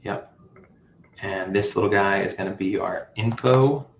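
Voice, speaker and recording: Unhurried and fairly low-pitched, a man hosts a live stream building an app, casually walking through his code. He thinks aloud, with fillers and frequent self-corrections. The sound is roomy, with a little hiss or hum.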